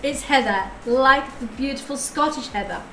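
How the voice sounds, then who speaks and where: A woman's voice: high-pitched, moderate pace, sharp tone, roomy sound, soft background music, low-quality recording. A woman streaming live tarot readings, chatting effusively and thanking her viewers as she goes.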